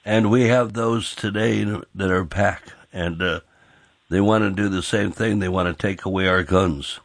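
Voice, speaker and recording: Folksy low-voiced radio host man. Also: fairly even intonation, a little slow, no echo. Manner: folksy, rambling with restarts. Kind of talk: casual radio talk.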